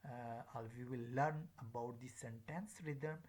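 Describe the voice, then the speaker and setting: A man's voice: mid-range voice, fairly even intonation, unhurried, darkish tone. A man giving a recorded lecture as a teacher, speaking in a hesitant way with many filler sounds.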